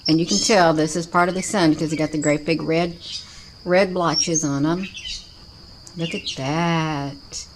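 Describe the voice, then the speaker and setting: A woman's voice: sits low, steady tone, normal speed. A woman vlogger chatting casually while she films the sky outdoors, coaxing and calling everyone honey. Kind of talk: casual running commentary while filming. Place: outdoors by her house with birds around. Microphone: camera mic. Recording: loud outdoor noise with birdsong.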